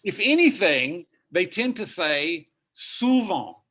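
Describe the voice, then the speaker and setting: A man's voice: sits high, expressive, normal speed, a bit bright. A man coaching a young singer in a virtual master class, demonstrating phrases and encouraging her as he talks. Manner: encouraging, demonstrative, sings and speaks example phrases. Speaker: vocal coach and pianist. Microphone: video call.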